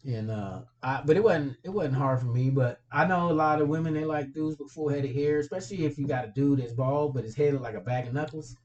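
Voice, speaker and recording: A man's voice: medium pitch, fast, hardly any pauses, a little mellow, dull audio. A man from California cohosting a casual chat, joking around in loose slang and laughing often. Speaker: podcast co-host.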